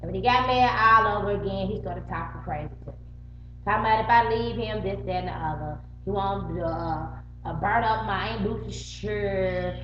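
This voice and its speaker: A woman's voice: medium pitch, normal speed. A middle-aged woman tells a story straight to the camera, swearing freely and acting out both sides of the argument. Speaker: vlogger. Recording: roomy, muffled home recording with faint hum.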